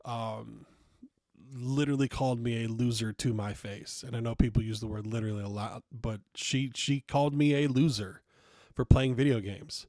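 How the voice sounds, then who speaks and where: This casual storytelling monologue comes from a young podcast host who speaks bluntly, swears, and acts out the lines of the people in his story. His mid-range voice is steady and dark in tone, delivered at normal speed. The sound is clean studio audio with no room sound.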